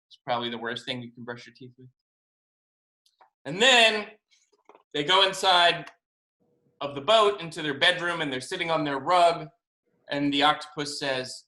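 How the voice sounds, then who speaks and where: Man reading a storybook to children, animated delivery, very bright tone, roomy video call sound. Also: a little high, moderate pace, pauses often. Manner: animated, expressive, asks kids questions. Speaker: children's author. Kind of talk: storybook reading to first graders.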